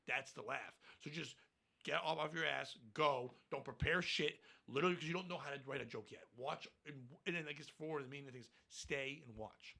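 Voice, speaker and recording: A man's voice: on the high side, a little fast, creaky, sharp tone. A man, a stand-up comedian, talking bluntly and profanely in a casual podcast interview.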